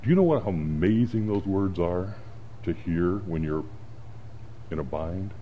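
A man's voice: deep voice, unhurried, pauses often, lo-fi sound, a little hiss or hum. A middle-aged man, a pastor, preaching a sermon and telling stories from his week. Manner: storytelling, animated when acting out panic.

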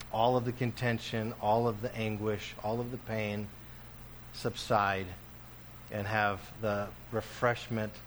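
A male pastor preaching a sermon, dropping to hushed, slow lines and then rising to loud, emphatic declarations. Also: fairly low pitch, slight background noise. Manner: swings between hushed, slow passages and loud, emphatic bursts.

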